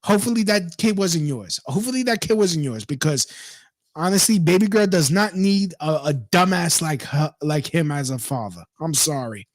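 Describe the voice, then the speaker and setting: A man's voice: a little high, expressive, moderate pace, no echo. A man reading a news story aloud and ranting about it, profane and indignant, breaking off to mock the people in it. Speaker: online commentator.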